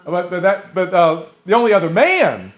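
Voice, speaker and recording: A man's voice: sits high, lively intonation, moderate pace, lo-fi sound. A man preaching a conversational sermon to a congregation, in a folksy way, asking them questions as he goes. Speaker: pastor.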